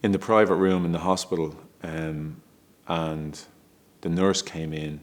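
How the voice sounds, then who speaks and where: A middle-aged man with a very deep, low-pitched voice tells a personal story about his family. He speaks candidly and emotionally, often stumbling, restarting his sentences and breaking into small laughs. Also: fairly even intonation, measured pace. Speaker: father telling a personal story.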